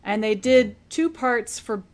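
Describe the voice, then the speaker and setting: A woman's voice: a little high, animated, slow. A woman casually recapping a book on a podcast, chatty and laughing often. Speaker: podcast co-host.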